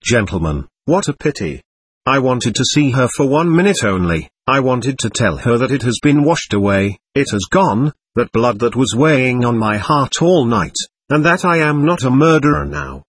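A nervous, effusive man under questioning, slightly drunk and talking over himself, as a male audiobook reader voices him. His voice swings lively up and down with a husky edge, and the dry recording keeps it close. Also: mid-range voice, no room sound. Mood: pleading. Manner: nervous, quick and pleading, repeats himself. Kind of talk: audiobook reading.

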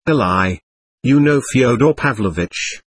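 A man voicing a desperate young army lieutenant who pleads breathlessly, in a husky voice. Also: mid-range voice, lively intonation, unhurried, dry recording. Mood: pleading.

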